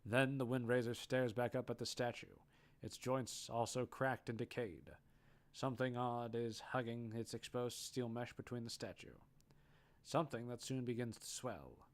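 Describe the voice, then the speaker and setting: A man's voice: mid-range voice, normal speed. A man narrating audition scripts aloud, reading steadily and correcting small slips as he goes. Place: online voice chat.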